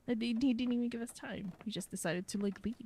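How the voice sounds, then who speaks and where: A woman's voice: fairly high pitch, quick pace, mellow, slight background noise. A woman streaming a game, giving casual, playful commentary and talking to herself.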